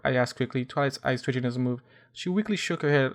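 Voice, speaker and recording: Man, story reader, first-person narration, frequent restarts, medium pitch. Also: fast talker. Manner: stumbling restarts and self-corrections. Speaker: fan fiction reader. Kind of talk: reading a story aloud.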